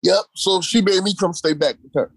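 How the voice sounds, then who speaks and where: Man, interview guest, personal storytelling, emphatic repetition, slightly high pitch, dry sound. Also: a little fast, vocal fry, slightly rough, no echo. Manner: emphatic, repeats key phrases; casual, colloquial delivery.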